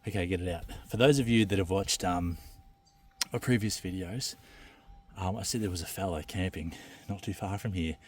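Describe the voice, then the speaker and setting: A man vlogging while prospecting outdoors on the goldfields, keeping his voice low with breathy exclamations. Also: moderate pace. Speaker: gold prospector.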